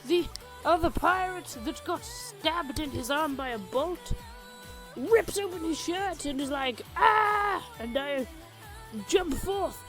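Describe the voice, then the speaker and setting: High-voiced young woman telling a game story. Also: animated, takes it slowly, faint music behind. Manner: rambling, self-mocking, crude jokes. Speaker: storyteller recounting a tabletop game. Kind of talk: casual narrated storytelling. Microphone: cheap home microphone.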